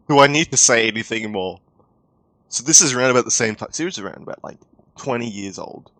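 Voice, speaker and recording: A man's voice: medium pitch, expressive, a little fast, fairly bright tone, no room sound. A man giving sarcastic, incredulous commentary for an online video. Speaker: commentary YouTuber.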